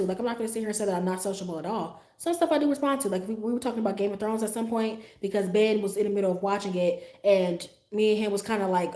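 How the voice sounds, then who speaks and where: Profane, animated woman telling a story. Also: medium pitch. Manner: animated, profane, acts out her own reactions; talks straight to her viewers with frequent asides. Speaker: livestream host telling a story. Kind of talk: casual storytime monologue. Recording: roomy echo.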